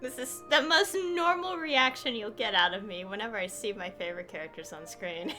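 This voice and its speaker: A woman's voice: mid-range voice, bright, forceful tone. A woman streaming a video game, giggling and gushing about her favorite characters. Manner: giggly, gushing fan reactions. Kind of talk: live game stream commentary.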